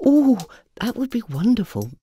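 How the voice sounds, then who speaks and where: A woman's voice: a little high, sing-song, measured pace, creaky, crowd noise, pitched above the performer's own voice, heavily acted. A woman voicing a cheerful, clumsy female doughnut who loves to dance, in a bedtime storybook. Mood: eager. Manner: bubbly, eager, dramatic.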